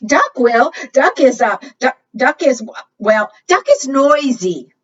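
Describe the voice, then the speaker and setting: A woman's voice: high voice, lively intonation, takes it slowly, voice pushed up, exaggerated voice. A woman doing an eager little storybook mouse. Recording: distant, dull lo-fi sound.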